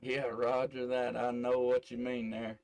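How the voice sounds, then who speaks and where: A man's voice: mid-range voice, little pitch movement, unhurried, darkish tone. A man from Tennessee with a Southern accent, chatting on the air as a ham radio operator into a desk microphone, drawling with many fillers. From middle Tennessee. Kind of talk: casual on-air radio contact.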